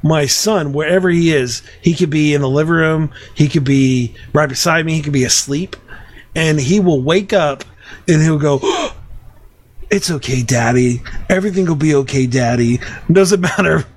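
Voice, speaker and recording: Man, podcast host, casual chat, rambling, slightly high voice. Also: normal speed. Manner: rambling, frequent restarts and fillers.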